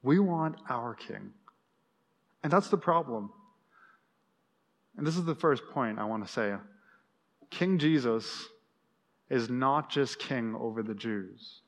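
A man's voice: medium pitch, slow, pauses often. Preaching man in a reverberant church. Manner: animated, acts out quotes, many restarts. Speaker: pastor. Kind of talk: sermon. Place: church sanctuary. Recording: long reverb in a hall.

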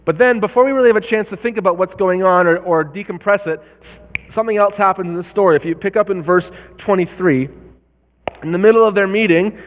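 A man's voice: high-pitched, fairly quick. A man preaching a sermon and explaining a Bible passage, checking in with his listeners as he goes. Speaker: pastor. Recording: tinny phone-like sound with long hall reverb.

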